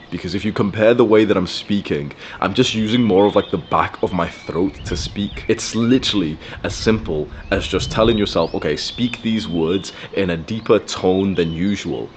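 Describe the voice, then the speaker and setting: A man's voice: low-pitched, moderate pace, hardly any pauses, slight background noise. A young man giving blunt, profane, casual advice in a monologue, with lots of filler words. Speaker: self-improvement creator.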